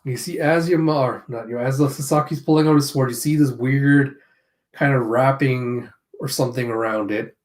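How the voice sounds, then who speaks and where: A man's voice: mid-range voice, fairly even intonation. Guy casually going through a comic chapter panel by panel, dry little asides. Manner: narrates panels, slips into quick character voices. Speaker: manga reviewer.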